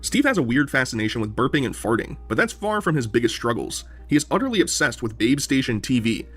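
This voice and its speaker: A man's voice: mid-range voice, sing-song, a bit bright. A man reading a sardonic scripted documentary narration. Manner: brisk, sardonic.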